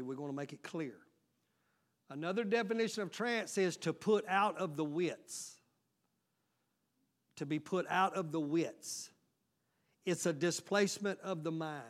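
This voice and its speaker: A male pastor preaching a sermon. He shifts between loud, emphatic exhortation and quiet asides, and keeps calling out questions to the congregation. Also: high voice. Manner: frequent call-outs to the congregation.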